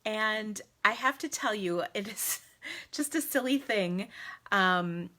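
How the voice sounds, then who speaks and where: Woman, 40s, home crafting live-streamer on a phone camera; bright, chatty, laughs a lot. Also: medium pitch, expressive, takes it slowly. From United States. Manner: bubbly and chatty, laughing often. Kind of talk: casual live-stream chat. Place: at home indoors. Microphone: phone camera in selfie mode.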